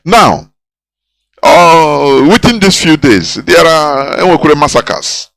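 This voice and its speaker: A man's voice: a little high, lively intonation, takes it slowly, vocal fry, a bit bright, no echo, rough recording. A man hosting a radio talk show, delivering an impassioned monologue full of repetition and rhetorical questions. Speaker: radio host.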